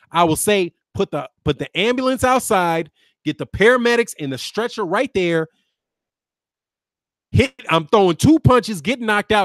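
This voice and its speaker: A man's voice: high-pitched, no room sound, clean studio sound. A man in his fifties, a lawyer hosting a boxing channel, ranting back at viewers with combative, sarcastic name-calling. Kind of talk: ranting commentary replying to viewers.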